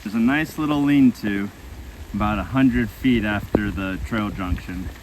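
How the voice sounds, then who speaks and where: A man vlogging a hike on a rainy mountain trail, giving relaxed, practical trail tips while out of breath. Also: on the low side, a little slow, noisy background. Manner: relaxed, practical, self-deprecating. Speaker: hiking vlogger. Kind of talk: casual trail commentary. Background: light rain.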